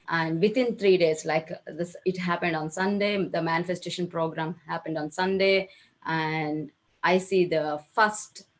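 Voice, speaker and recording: A woman on a video call sharing her experience with a program, halting and emotional, with many fillers and restarts. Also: lowish voice. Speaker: program participant.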